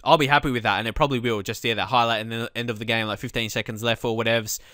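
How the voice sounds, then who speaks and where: Excitable bright-voiced male game commentator. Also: mid-range voice, rapid-fire, dry recording, clean studio sound. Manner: excitable, shouts at the game, then calm explaining. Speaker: let's play host.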